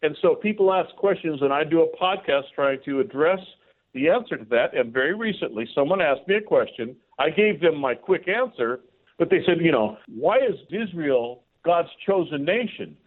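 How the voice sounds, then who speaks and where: A chatty man talks over a tinny phone line, his voice sitting a little high. He laughs often and stumbles over repeated words as he tells stories on a radio call-in. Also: animated, normal speed. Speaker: radio guest, podcaster. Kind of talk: casual radio chat.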